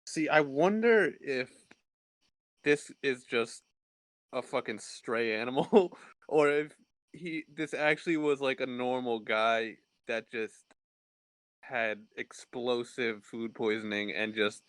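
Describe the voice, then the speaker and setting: Man, podcast co-host, sharp bright voice, dry close sound, laughing casual chat with swearing. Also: medium pitch, slow pace, no room sound. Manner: laughs a lot, swears freely, casual slang.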